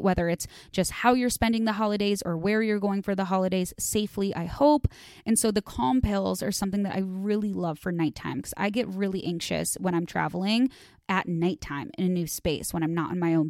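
A woman's voice: medium pitch, no echo, clean studio sound. A young woman hosting a podcast, talking casually and gushing, with lots of "like" and restarts between ad reads. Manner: chatty, gushing, filler-heavy. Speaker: podcast host.

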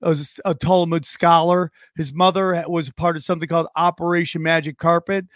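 High-voiced man ranting with profanity. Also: little pitch movement, brisk, a bit bright, no echo, clean studio sound. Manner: profane, ranting, with frequent restarts. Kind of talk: casual podcast chat.

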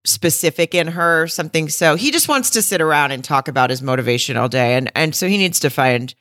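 A woman's voice: low-pitched, lively intonation, fairly quick, fairly bright tone, no room sound, studio quality. A woman co-hosting a podcast, candidly chatting about a reality show, swearing and laughing often. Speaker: podcast co-host. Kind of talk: casual chat recapping a reality show.

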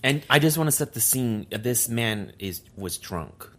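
A woman's voice: a bass voice, lively intonation, unhurried, fairly bright tone. A woman co-hosting a casual podcast chat, chiming in with short, blunt remarks.

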